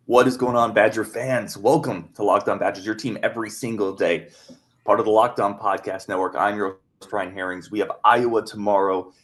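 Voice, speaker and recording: Guy hosting a sports podcast, kinda low voice, calmly weighing both sides. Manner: analytical, measured, weighing arguments. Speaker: podcast host.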